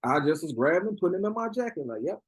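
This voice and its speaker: Animated husky man telling stories. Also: rapid-fire, no room sound. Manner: animated storyteller, acts out quotes in high voices, laughs a lot. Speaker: interview guest, rapper. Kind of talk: casual chat.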